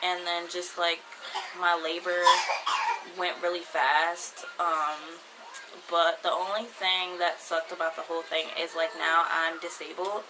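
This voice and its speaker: A woman's voice: fairly low pitch, little pitch movement, unhurried. A woman in her twenties, telling a personal story to her viewers in a casual, rambling way, with many fillers. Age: 20s. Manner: chatty, rambling, heavy use of "like". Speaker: vlogger. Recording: noisy background ambience.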